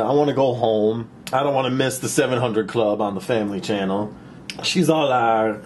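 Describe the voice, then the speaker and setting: A man giving a casual software tutorial at his computer. He talks in a profane, rambling way and keeps asking "right?". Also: mid-range voice, normal speed, a little hiss or hum. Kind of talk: casual screen-recorded tutorial with rambling story.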